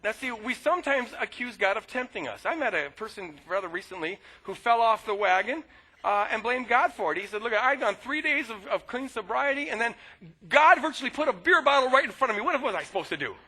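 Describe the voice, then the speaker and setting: Middle-aged male pastor, high and bright, lively storyteller with loud outbursts. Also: fairly quick, slightly rough, rough recording. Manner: animated storytelling, bursts of loud shouting when acting out anger. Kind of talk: sermon with personal story.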